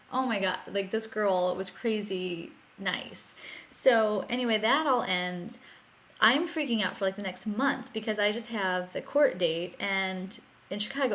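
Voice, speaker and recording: A woman's voice: medium pitch, fairly bright tone. A woman in her twenties casually telling a personal story to her camera at home, chatty and self-mocking. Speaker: vlogger.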